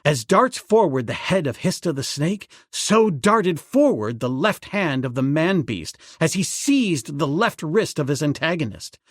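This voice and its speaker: A man narrating an adventure audiobook in a dramatic, measured way. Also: on the high side, sing-song, no room sound, studio quality.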